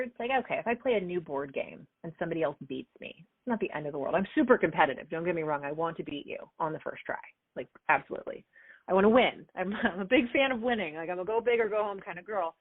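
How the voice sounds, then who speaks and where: A middle-aged woman coaching athletes, answering interview questions in an animated way, acting out little bits of dialogue. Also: medium pitch, quick pace, dry recording. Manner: animated, acts out quoted dialogue with fillers. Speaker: performance coach, guest. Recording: tinny phone-like line, dry.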